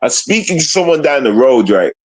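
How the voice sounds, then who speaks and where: A man's voice: mid-range voice, very animated, brisk, dry recording, poor audio. Streamer, man, loose slang-heavy ramble, dry close sound. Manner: loose, repetitive street slang with frequent tag questions. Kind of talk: rambling casual livestream chat. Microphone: streaming mic.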